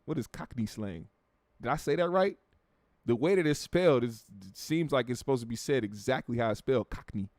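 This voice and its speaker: A man's voice: medium pitch, animated, fairly quick, darkish tone, no echo. A man from the United States hosting a livestream, reading out viewer comments in a brash, profane, blunt way. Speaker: show host.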